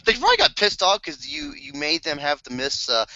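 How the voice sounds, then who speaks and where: A man on a podcast throws in quick jokes and loud laughs. His high, bright, gravelly voice leaps wildly up and down. The sound is lo-fi. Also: huge pitch swings, dry recording. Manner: joking interjections, loud laughter. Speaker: podcast co-host. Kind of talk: casual chat. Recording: lo-fi dull podcast audio.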